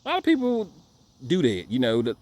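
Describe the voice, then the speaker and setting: A man's voice: mid-range voice, huge pitch swings, fairly quick, darkish tone, no room sound. A man giving a casual ranting monologue to camera, emphatic and repetitive, stumbling over repeated words. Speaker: dog breeder vlogger.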